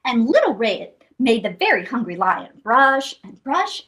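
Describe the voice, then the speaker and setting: High, lively woman reading to kids. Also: unhurried. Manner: expressive, sing-song storytelling. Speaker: children's storytime host. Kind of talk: reading a picture book aloud to children.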